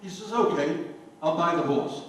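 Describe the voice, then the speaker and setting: An older man telling jokes to a party crowd, a lively storyteller who hollers his punchlines. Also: on the high side, normal speed. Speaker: joke teller at a party. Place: anniversary party. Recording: echoey room, voice from far off, faint noise.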